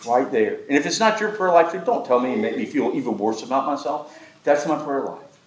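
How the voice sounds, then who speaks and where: A man's voice: medium pitch, animated, fairly quick, roomy sound, slight background noise, rough recording. A man preaching a sermon, telling folksy stories with jokes. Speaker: pastor.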